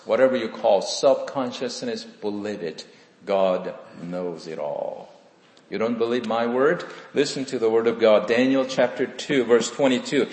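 A male pastor, preaching a sermon in slow, emphatic phrases with dramatic pauses, in a church. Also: mid-range voice, darkish tone. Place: church sanctuary. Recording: echoey hall with long reverb.

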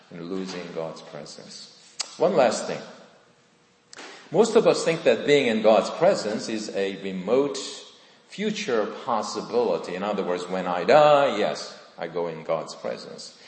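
A man preaching a sermon in church, earnest and deliberate, with emphatic rises on key points. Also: lowish voice, sing-song. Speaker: pastor. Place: church sanctuary. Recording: echoey church hall.

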